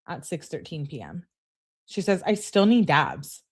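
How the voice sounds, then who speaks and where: A woman's voice: fairly low pitch, sing-song, a little slow, darkish tone, husky. A woman hosting a true crime channel, reading text messages aloud and adding emphatic, exasperated asides.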